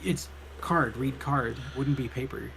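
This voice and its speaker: A man's voice: mid-range voice, a little slow, creaky, crowd noise, low-quality recording. A man co-hosting a let's play, reading the game's narration aloud and joking about it. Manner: animated, reads narration and jokes. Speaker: co-host of a game stream.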